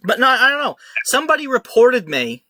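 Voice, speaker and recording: Bright-voiced young man telling a story. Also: very high-pitched, a little fast, no echo. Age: young adult. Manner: animated storyteller, acts out shouted quotes. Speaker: podcast host. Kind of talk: casual chat, storytelling.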